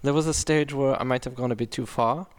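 A man reading out a male celebrity's quote in a halting, put-on German accent. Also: medium pitch, fairly even intonation, close to an everyday voice. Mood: sheepish. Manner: halting, giggly, with filler sounds.

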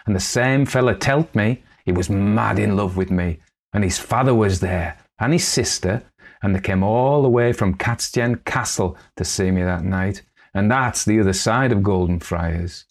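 In a lowish, gravelly voice at a moderate pace, a man takes on the role of a foolish, eager country girl. She relates her story excitedly in a Northern English dialect.

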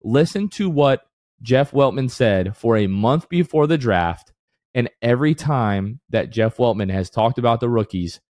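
A man co-hosting a casual sports podcast who talks in animated bursts and rants, then calls himself back down. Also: medium pitch, dry recording, clean studio sound. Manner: animated, ranting then apologizing. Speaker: podcast co-host.

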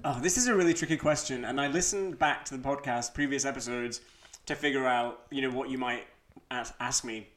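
A man's voice: mid-range voice, brisk, fairly bright tone. A man chatting as a guest on a podcast, laughing often and carefully qualifying his opinions. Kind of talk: casual chat.

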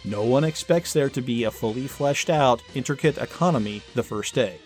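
A man playing a calm, reasonable debater who lectures in a measured way in a mock debate. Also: mid-range voice, loud music behind the voice, close to an everyday voice.

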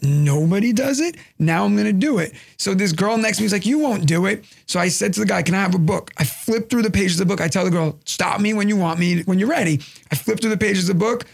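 Young New York man, podcast co-host; high, gravelly voice, rambling storyteller. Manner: rambling, animated storyteller acting out quotes. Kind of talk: casual storytelling chat.

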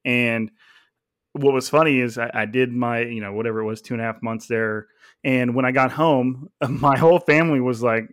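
A man in his thirties hosts a casual sports podcast and tells a loose, rambling story. His voice sits at an ordinary middle pitch and sounds close and dry, with no room around it. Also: normal speed, no room sound. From California. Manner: relaxed storytelling with fillers and laughs. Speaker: podcast host.

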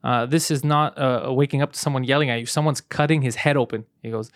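A man's voice: medium pitch, fairly even intonation, fast, no room sound. A man co-hosting a podcast, reading news aloud in loose, joking banter and swearing freely. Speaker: podcast co-host.

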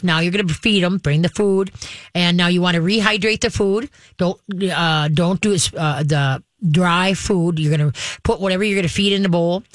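A woman hosting a call-in radio show, giving step-by-step dog-training advice in a brisk, instructive way and checking in with "okay?" often. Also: fairly low pitch, no room sound.

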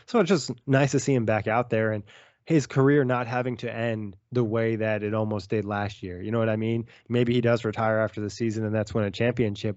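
A man's voice: on the low side, a little mellow, no room sound, muffled recording. A man co-hosting a casual basketball podcast, loose and chatty, peppering his talk with "like". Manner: quick, loose, full of "like". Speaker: podcast co-host. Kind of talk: casual sports chat.

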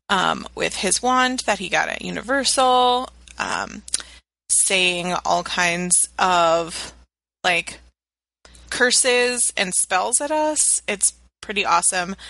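A woman's voice: mid-range voice, vocal fry, pushed and bright, no room sound. A woman in her thirties co-hosting a podcast, chatting casually, going off on tangents and laughing often. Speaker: podcast co-host. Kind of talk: casual chat.

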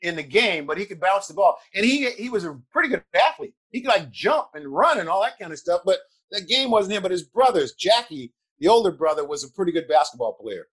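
An older man's voice sits notably high for a man. He tells stories as an interview guest, chuckling often and circling back on his words when he gets moved. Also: very animated, brisk, few pauses, fairly bright tone, slightly rough. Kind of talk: animated storytelling.

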